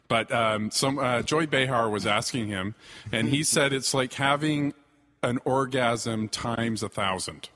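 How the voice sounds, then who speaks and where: A man's voice: medium pitch, measured pace, a bit bright. A Canadian man co-hosting a podcast, chatting casually and telling anecdotes. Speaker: podcast co-host, comedian. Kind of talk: casual chat.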